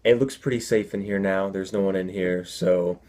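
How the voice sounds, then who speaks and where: A man's voice: sits low, steady tone, normal speed, darkish tone, natural voice. A man doing a polite, firm store manager. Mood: soothing. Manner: firm but soothing.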